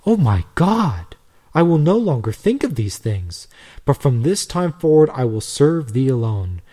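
A man's voice: medium pitch, sing-song, measured pace, dark tone. A man voicing an eager, earnest young male law student while reading a storybook aloud. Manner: earnest, rising enthusiasm.

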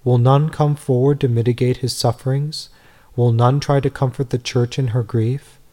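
A man reading a devotional text aloud in a measured, earnest way, full of rhetorical questions. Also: medium pitch, fairly even intonation, warm tone. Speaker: reader.

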